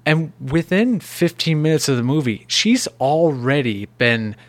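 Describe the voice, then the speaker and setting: A man's voice: fairly high pitch, expressive, measured pace, no echo. Male podcast host, casual film recap, jokey rambler, dry close sound. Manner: rambling, jokey, puts on silly voices. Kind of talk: casual movie review chat.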